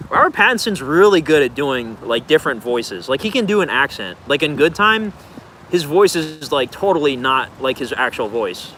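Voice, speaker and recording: A man's voice: a little high, big pitch swings, moderate pace, pushed and bright, slight background noise, rough recording. A man casually answering viewer questions on a livestream, rambling in a laid-back way with plenty of filler words.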